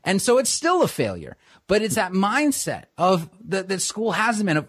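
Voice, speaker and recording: A man hosting a podcast, talking emphatically and mimicking quoted voices in a lower tone. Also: sing-song, normal speed, fairly bright tone. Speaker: podcast host. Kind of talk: casual conversational talk.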